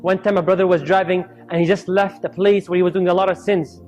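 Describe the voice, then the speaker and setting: A man's voice: high voice, fast, muffled recording, faint music behind. A man giving a storytelling sermon, acting out the voices of people in his stories. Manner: acts out quoted voices in lively storytelling. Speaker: Islamic speaker.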